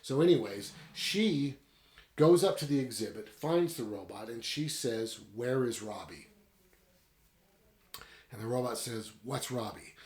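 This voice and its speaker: A man's voice: medium pitch, darkish tone, reverberant. A man casually retelling and reviewing a story in a rambling, conversational way. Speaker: book reviewer. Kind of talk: casual book review talk.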